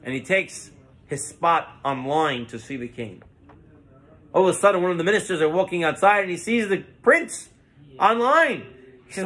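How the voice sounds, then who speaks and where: Male rabbi, Torah lesson; bright, husky voice, storytelling with Hebrew terms. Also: high-pitched, normal speed. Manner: animated, mixes Hebrew terms into English.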